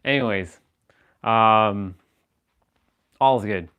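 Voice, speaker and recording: Low-voiced man rambling on a live stream. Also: normal speed, clear, resonant tone, dull audio. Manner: rambling, joking, reacting to chat. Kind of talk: casual live stream chat.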